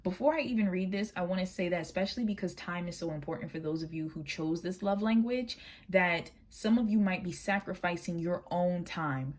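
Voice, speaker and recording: A woman with a fairly low voice talks through a tarot reading in a relaxed, chatty way. She is earnest and direct with the listener, and at times her words tumble out quickly. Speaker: tarot reader. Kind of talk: casual spoken tarot reading.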